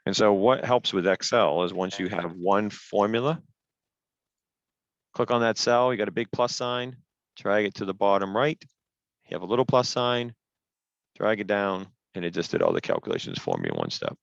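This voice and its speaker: A man walks his class through each step with patience and leans hard on the rules. His voice sits a little low and comes through a headset on a dull, lo-fi call line with a dry, close sound. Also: expressive, moderate pace, vocal fry, no echo. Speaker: teacher. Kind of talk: online class lecture.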